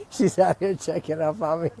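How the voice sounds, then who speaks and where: A man giving an unscripted spiritual teaching talk outdoors, ranting with heavy profanity and sudden loud outbursts. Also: on the high side, vocal fry, slightly rough. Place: outdoors near dogs.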